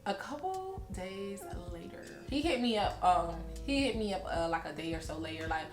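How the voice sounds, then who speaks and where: A woman's voice: mid-range voice, normal speed, roomy sound, over music. A young woman, casually telling a storytime and acting out both sides of the talk. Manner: animated retelling, acts out both sides of the talk. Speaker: vlogger.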